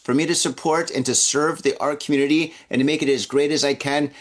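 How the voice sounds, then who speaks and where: A man's voice: fairly high pitch, steady tone, a little fast. A man hosting a casual podcast, talking in an enthusiastic, rambling way with lots of fillers. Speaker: podcast host. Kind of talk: casual chat.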